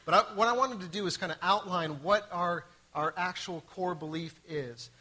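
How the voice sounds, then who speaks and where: A pastor preaching a conversational sermon, reading scripture aloud with joking asides and frequent restarts. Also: male voice, sits high, normal speed, pushed and bright, rough recording.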